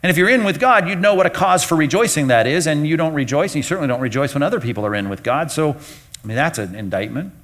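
A man's voice: fairly high pitch, lively intonation, fast talker, fairly bright tone. A man preaching a sermon in an emphatic, rhetorical way, often acting out the thoughts of his listeners. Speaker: pastor.

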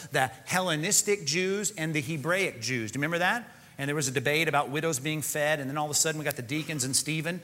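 A man preaching a sermon as animated storytelling full of conversational asides. His voice is bright and forceful and sits a little high. Long reverb from a large hall surrounds him.

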